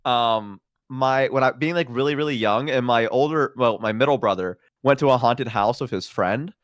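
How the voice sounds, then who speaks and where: A man's voice: mid-range voice, moderate pace, no room sound, studio quality. A man guest streamer in casual chat, rambling through stories and laughing often.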